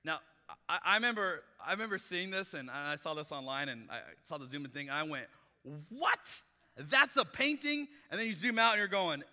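A man preaching a sermon as pastor, in a conversational, animated way, acting out quotes from people he talks about. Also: on the high side, quick pace. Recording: reverberant church hall.

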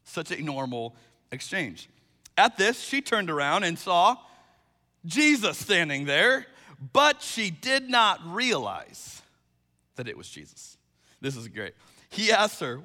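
A male pastor delivers his sermon with a lively, swooping delivery and a bright, forceful tone. He pushes his points hard and repeats phrases for emphasis. His voice rings out with the long reverb of a large hall. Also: fairly high pitch, unhurried.

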